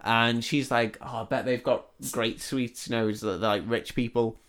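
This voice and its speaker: A man co-hosts a comedy podcast, retelling a film's plot in casual, sweary chat. His voice is smooth and clear, sitting at a middling pitch. He drops into quick put-on voices for the characters as he goes. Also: fairly even intonation, fairly bright tone. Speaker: podcast co-host. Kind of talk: casual comedic film recap.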